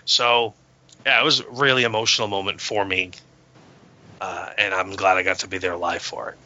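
Bright-voiced man telling a fan story. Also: low-pitched, little pitch movement, moderate pace. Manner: enthusiastic, storytelling with many fillers. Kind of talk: casual chat. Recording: dull lo-fi sound.

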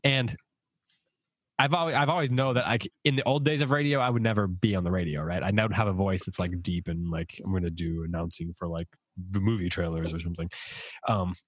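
A man's voice: fairly low pitch, a little fast, a bit bright, no room sound. Nasal man, rambling podcast host. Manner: rambling storyteller with fillers and restarts. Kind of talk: casual chat.

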